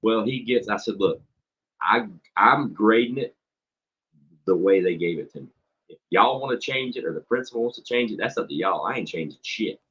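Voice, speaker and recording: Blunt low-voiced man, lo-fi. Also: lively intonation, moderate pace, fairly bright tone, breathy edge. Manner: blunt, profane storyteller acting out dialogue. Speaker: substitute teacher. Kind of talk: casual chat on a stream. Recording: dull lo-fi stream audio.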